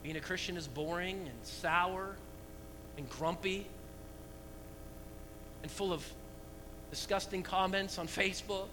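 Man, pastor, animated sermon, rhetorical questions, high pitch. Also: measured pace, long pauses, noisy background.

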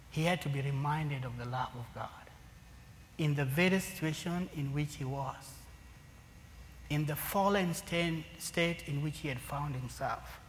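Guy preaching a sermon, kinda high voice, goes loud then drops to a whisper, long echo in the hall. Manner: swings from loud emphatic lines to near-whispers. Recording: long hall reverb, faint room noise.

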